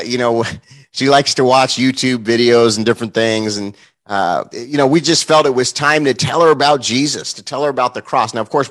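A man preaching a morning sermon, telling a heartfelt personal story in an earnest, emotional way, with many fillers and restarts. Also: medium pitch.

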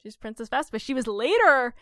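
A woman co-hosting a podcast, telling stories in a lively, animated way and laughing often. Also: fairly high pitch, fairly quick, no room sound, clean studio sound. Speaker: podcast co-host. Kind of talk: casual chat.

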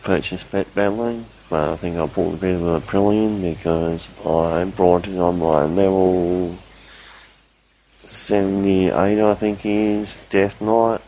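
Deep, gravelly man, rambling, self-mocking; recorded message with faint hiss. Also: steady tone, takes it slowly, dark tone, low-quality recording. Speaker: listener sending a recorded report.

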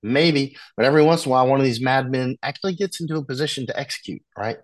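An American man, a war correspondent guest, talking bluntly in a casual conversation, with frequent restarts and animated asides. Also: medium pitch, quick pace. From United States.

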